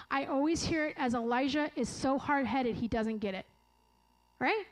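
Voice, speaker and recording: Woman preacher, high voice, earnest, emphatic, slow phrasing, self-correcting, sermon. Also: a bit bright, rough recording.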